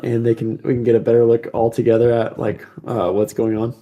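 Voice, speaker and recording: A man's voice: medium pitch, monotone, brisk, lo-fi sound. A man playing in a tabletop game, speaking casually and hedging his words. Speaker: player. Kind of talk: in-character tabletop play.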